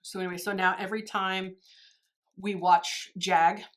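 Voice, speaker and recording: A woman's voice: mid-range voice, little pitch movement, a little slow, fairly bright tone, slight background noise. A married woman chatting casually to her viewers while she does her makeup. She rambles, makes fun of herself and laughs often. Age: adult, married. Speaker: beauty YouTuber. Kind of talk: casual makeup tutorial chat.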